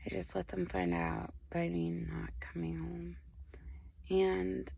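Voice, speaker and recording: A young adult woman giving an emotional personal testimony to camera. She is tearful and speaks haltingly, often dropping into soft whispers. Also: fairly low pitch, big pitch swings, vocal fry, husky. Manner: halting, many soft whispered stretches, fighting back tears. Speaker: vlogger sharing a personal testimony.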